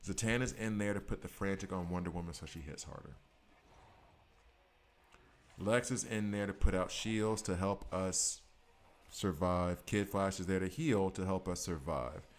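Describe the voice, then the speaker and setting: A man's voice: sits low, moderate pace. A man in his thirties streaming a mobile game, chatting casually and joking with his chat. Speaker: gaming streamer. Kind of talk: casual live-stream commentary.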